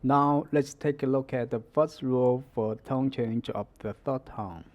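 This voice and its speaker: A man teaching a Mandarin lesson, explaining the tones in a measured, deliberate way. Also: medium pitch, muffled recording. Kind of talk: scripted language lesson.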